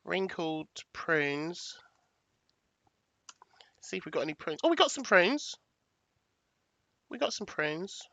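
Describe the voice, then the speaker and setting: Slow-talking woman livestreaming. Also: on the low side, big pitch swings, fairly bright tone, no echo. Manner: chatty, thanks viewers, thinks aloud while picking graphics. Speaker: livestream host. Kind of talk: casual livestream commentary.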